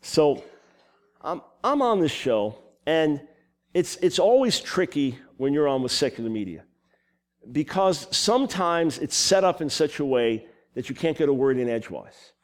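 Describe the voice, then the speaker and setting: New york guy preaching, telling stories, voice jumping up and down, lots of asides. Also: a little high. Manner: animated storytelling, quick asides and self-corrections. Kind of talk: sermon with personal stories.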